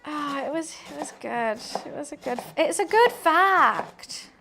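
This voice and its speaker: A young woman with a British accent chats through a cooking livestream. Her voice sits high, and she tells long, excitable stories that keep trailing off into laughter. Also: unhurried, gravelly, background noise. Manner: rambling, excitable storytelling with frequent laughter. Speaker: streamer. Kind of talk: casual chat while cooking on a livestream.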